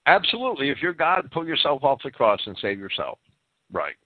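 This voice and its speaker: Lively-voiced man agreeing eagerly over a headset. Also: mid-range voice, fairly quick, no echo. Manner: eager agreement, repeated 'well, well' restarts. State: sneezing and coughing. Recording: dry tinny phone-like line.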